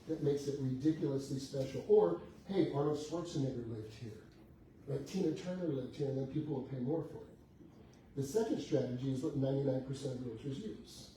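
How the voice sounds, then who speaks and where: A man's voice: medium pitch, dark tone. A man coaching a live group on selling houses, telling stories and acting out what clients said, with rhetorical questions. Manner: storytelling, acts out client dialogue, rhetorical questions. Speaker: real estate coach. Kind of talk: motivational talk to a live group. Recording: echoey room, heard from a distance, faint background noise.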